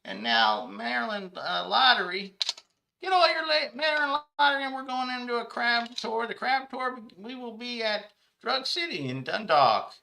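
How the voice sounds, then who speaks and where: A man doing a blaring, high-pitched local radio host. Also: sing-song, moderate pace, vocal fry, slight background noise, full character voice. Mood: hyped. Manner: shouty promo patter, plugging sponsors.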